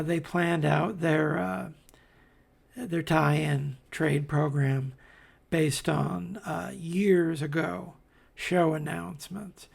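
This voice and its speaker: Gravelly, husky-voiced man, slow and wry. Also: a little high, a little mellow. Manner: rambling, wry asides, many fillers and restarts. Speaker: comics reviewer. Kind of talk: casual commentary while paging through comics.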